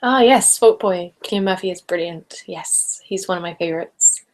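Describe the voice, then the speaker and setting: A woman's voice: lowish voice, moderate pace. Giggly woman chatting on a live stream. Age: late 20s. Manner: chatty and giggly, often laughing mid-sentence. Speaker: ASMR channel host. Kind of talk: casual live-stream chat reading viewer comments.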